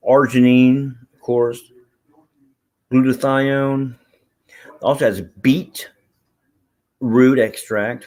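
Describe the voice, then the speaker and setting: On his live stream, a man with a slightly mellow, mid-range voice rambles from subject to subject, chatting casually with viewers and cursing often. He also reads the chat aloud.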